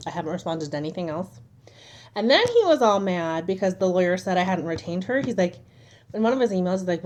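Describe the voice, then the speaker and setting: A woman's voice: fairly low pitch, lively intonation, normal speed, a little mellow. A young woman venting casually to the camera at home, frustrated and exasperated as she retells an argument. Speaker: vlogger. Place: home, at a table.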